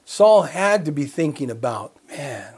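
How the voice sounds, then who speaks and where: A middle-aged man preaching a sermon, his voice a little husky and breathy, sitting in a middle pitch. He moves between reading verses and telling personal stories, acting out bits of dialogue as he goes. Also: expressive, normal speed, darkish tone. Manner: conversational, storytelling with quoted dialogue and laughs. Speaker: pastor.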